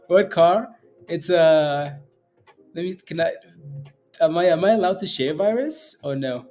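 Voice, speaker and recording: A man's voice: a little high, takes it slowly, long pauses, a little mellow, faint music behind. A man hosting a live day-trading stream, chatting casually with viewers, playful and laughing often while reading the chat. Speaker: day-trading livestream host.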